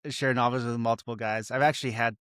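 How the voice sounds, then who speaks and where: A Canadian man hosts the podcast with a friendly, chatty manner, quick to laugh. His voice is of average pitch for a man. It is recorded dry and close. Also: steady tone, fairly bright tone, clear, resonant tone, no echo. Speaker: podcast host. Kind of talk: conversational podcast interview.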